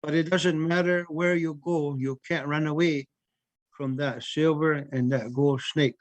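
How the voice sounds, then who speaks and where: A man's voice: on the high side, steady tone, no echo, low-quality recording. Man telling a traditional story, dry close mic. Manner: unhurried, repeats words for emphasis, with pauses and fillers.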